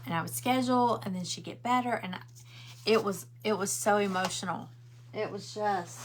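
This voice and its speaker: A woman's voice: on the low side, fairly even intonation, normal speed, heavy background noise. Woman, middle-aged, chatty crafting livestream host, rambling, answers comments. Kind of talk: casual chat while crafting.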